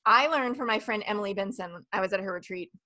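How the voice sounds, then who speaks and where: Bright, chatty woman host. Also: mid-range voice, fast. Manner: chatty, animated storytelling. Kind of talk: casual live-stream chat.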